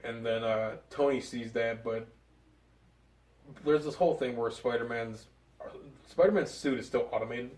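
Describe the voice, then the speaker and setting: Excited young guy reviewing a movie, roomy. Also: medium pitch, normal speed, distant mic. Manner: excited, rambling with fillers and laughs. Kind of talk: casual chat. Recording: roomy, from off the mic.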